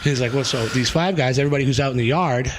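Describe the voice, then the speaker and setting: A man's voice: medium pitch, fast, background noise. A man, a podcast guest who tells a long story casually, swearing freely and acting out what people said. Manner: animated, profane storytelling with acted-out quotes. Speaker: podcast guest, hardcore singer.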